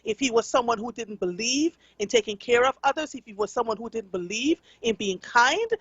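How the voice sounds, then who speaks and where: A woman's voice: a little high, brisk, fairly bright tone, slightly rough, no echo. A Jamaican woman talks to her listeners on live radio in an earnest, conversational way, with plenty of fillers along the way. The sound is dry and a little dull, like a studio microphone feed. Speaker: radio talk show host. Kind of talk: radio talk show monologue.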